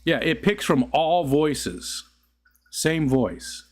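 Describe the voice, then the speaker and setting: A man's voice: fairly high pitch, sing-song, extremely slow. A middle-aged man hosting a casual live stream, rambling and chuckling as he talks to his chat. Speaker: livestream host.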